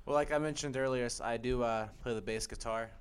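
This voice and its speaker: A man's voice: mid-range voice, steady tone, quick pace, clear, resonant tone. Young man, guest on student radio, modest, dry jokes, casual interview.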